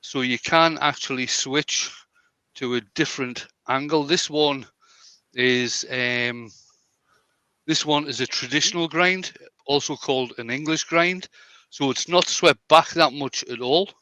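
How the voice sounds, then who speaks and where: A man demonstrating bowl turning on a live stream, explaining the steps with pauses as he works. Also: on the high side, sharp tone, no room sound. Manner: explains step by step with pauses and fillers.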